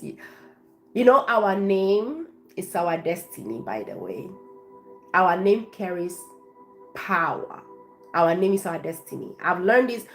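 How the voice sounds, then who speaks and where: A woman's voice: fairly low pitch, big pitch swings, slow, pauses often, soft background music. A woman from Africa, a life coach, chatting effusively on a live stream and thanking her viewers by name.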